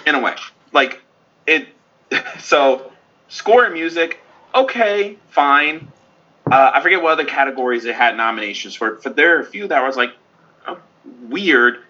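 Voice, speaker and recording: Bright husky man ranting on a podcast. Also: fairly high pitch. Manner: animated, ranting, quick asides. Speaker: podcast co-host. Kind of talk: casual chat. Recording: dull lo-fi audio.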